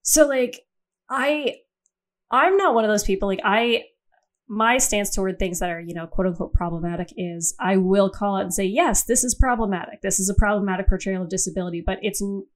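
A woman's voice: medium pitch, steady tone, fairly quick. Candid, swearing woman podcaster. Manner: candid, profane, self-interrupting. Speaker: podcast co-host. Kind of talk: casual chat.

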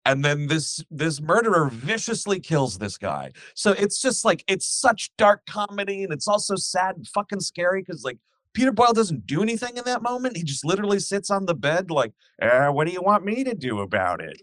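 A man's voice: high-pitched, moderate pace, no echo. A man in casual podcast chat, rambling and acting out scenes as he retells them. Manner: rambling, animated, acts out scenes while retelling. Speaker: podcast co-host.

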